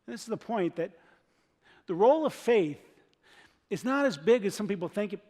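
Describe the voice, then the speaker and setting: A male pastor preaching a sermon in a church, animated, acting out the voices of people in his story. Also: high-pitched, normal speed. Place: church sanctuary. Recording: long reverb of a church hall.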